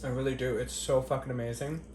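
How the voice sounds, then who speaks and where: A man's voice: medium pitch, little pitch movement, fast talker, a little mellow, a little hiss or hum. A man with a mid-range voice runs a casual cooking vlog from his home kitchen, cracking crude, profane jokes straight to the camera. He keeps stopping to taste the food and murmur over it, and the hard kitchen walls give his voice an echo. Dishes and cutlery clink faintly behind him. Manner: tasting food between lines with appreciative murmurs. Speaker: cooking vlogger. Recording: echoey kitchen.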